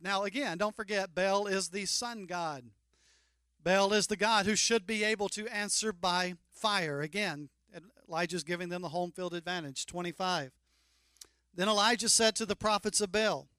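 Male pastor, high and smooth, lively joking sermon delivery, close dry mic. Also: normal speed, no echo. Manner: animated, joking, mock-incredulous asides.

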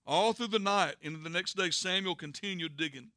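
A man preaching a sermon, telling a story earnestly with dramatic pauses and hushed endings. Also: high voice, no echo, studio quality. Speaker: pastor.

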